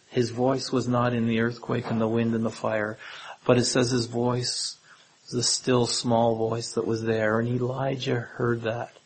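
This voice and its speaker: A man's voice: medium pitch, slight background noise, low-quality recording. A man preaching a sermon in a conversational way, often turning statements into questions for his listeners.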